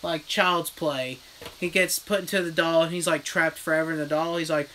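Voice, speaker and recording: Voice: mid-range voice, normal speed, a little hiss or hum, rough recording. A horror vlogger in a casual livestream rant, retelling a film bluntly with lots of swearing. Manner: blunt, profane, animated storytelling. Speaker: horror vlogger reading live chat.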